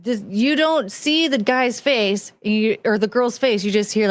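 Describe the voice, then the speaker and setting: A woman's voice: on the high side, animated, normal speed, few pauses. A woman hosting a casual stream, chatting frankly and crudely with viewers, giggling often.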